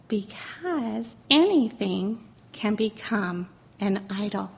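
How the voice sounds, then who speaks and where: A middle-aged woman sharing a personal testimony in a sermon, earnest and emotional, drawing words out slowly for emphasis. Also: fairly high pitch, creaky. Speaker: pastor's wife speaking to a congregation.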